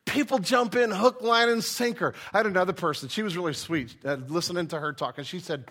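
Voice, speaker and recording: A man's voice: high-pitched, lively intonation, a little fast, fairly bright tone. A man giving a sermon as a pastor, speaking in a casual, chatty way with plenty of fillers.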